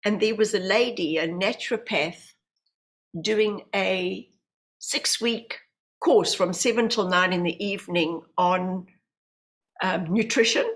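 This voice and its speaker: Being interviewed on a podcast, a medium and hypnotherapist in her fifties with a New Zealand accent relates personal stories in a mid-range voice. She tells them animatedly, giving voice to each person she quotes.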